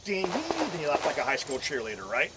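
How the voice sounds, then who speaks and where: A man's voice: a little high, wildly swooping pitch, fairly quick. A male firearms instructor teaching a live class at an outdoor range, joking, swearing and quizzing his students as he goes. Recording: noisy outdoor recording.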